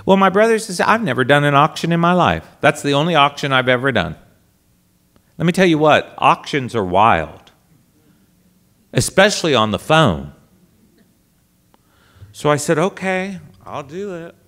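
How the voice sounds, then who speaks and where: A man, a priest, telling a lively story to an audience and acting out the other voices, now and then shouting. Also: on the high side, moderate pace, long pauses. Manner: animated storyteller, acts out voices, shouts bids. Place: resort event hall.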